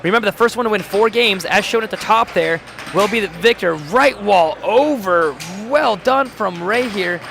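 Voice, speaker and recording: A man with a high, gravelly voice calls the action of a live-streamed match. He fires off short play calls and reads viewer messages aloud, joking as he goes. Steady noise sits under his voice. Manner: rapid play-calling, reads chat aloud, jokey. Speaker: play-by-play commentator. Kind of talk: live-stream sports commentary. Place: home studio.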